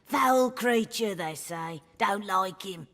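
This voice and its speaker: A half-mad old grandmother from a video game, rambling and scolding in a slow, drawn-out way. She drifts between suspicion and fond memory. Her speech wanders. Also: medium pitch, animated, a bit bright, no room sound, faint music behind. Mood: muttering. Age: older. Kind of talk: video game cutscene acting.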